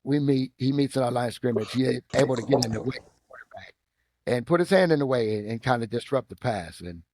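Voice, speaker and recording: A middle-aged man with a Midwestern American accent, a podcast guest telling football stories in a lively, casual way. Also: quick pace, slight background noise. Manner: animated storyteller, acts out quotes with rising pitch. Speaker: guest, former football player and coach. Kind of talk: casual storytelling interview.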